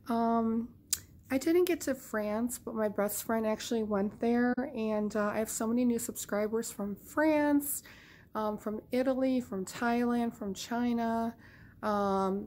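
A middle-aged woman talking casually to her viewers as a beauty vlogger, upbeat and chatty with lots of ums and likes. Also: medium pitch. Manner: chatty, upbeat, many fillers. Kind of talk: casual vlog chat.

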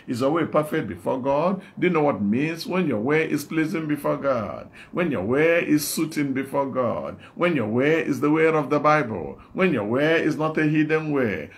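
A man with a Nigerian English accent preaching a sermon as an evangelist, repeating his phrases in an exhorting, call-and-response way. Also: a little high.

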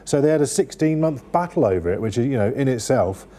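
A man chatting casually through the day's papers, warm and mellow in tone. He rambles, restarting sentences and leaning on fillers as he talks. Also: mid-range voice, lively intonation, fairly quick. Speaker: newspaper review guest. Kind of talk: casual chat.

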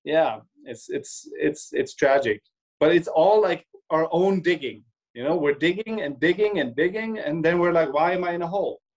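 Male co-host, slightly raised pitch, halting, restarts often, voices imagined remarks. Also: lively intonation, husky, low-quality recording. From Germany. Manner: hesitant with many restarts, acts out imagined quotes. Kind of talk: casual discussion.

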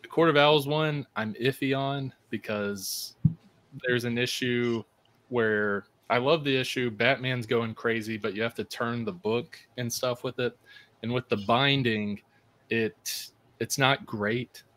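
A man co-hosting a casual podcast, talking haltingly and repeating words as he starts sentences. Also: mid-range voice, fairly even intonation, a bit bright, a little hiss or hum. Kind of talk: casual chat.

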